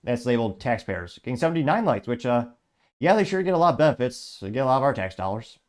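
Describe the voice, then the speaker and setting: A man's voice: mid-range voice, sing-song, quick pace. Casual male host reading comments aloud. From Illinois. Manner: casual, wry asides with filler restarts. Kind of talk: reading and reacting to social media comments.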